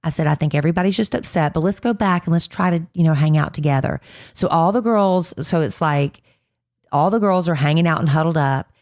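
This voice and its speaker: Low-voiced woman telling a lively story. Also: a little fast. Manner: animated storyteller, acts out quoted voices. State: fighting a cold. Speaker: podcast co-host. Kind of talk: casual storytelling chat.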